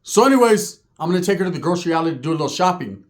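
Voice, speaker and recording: A man telling a comic story in a profane, rambling, animated way. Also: high-pitched, racing. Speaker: comedian. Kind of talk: comedic storytelling monologue.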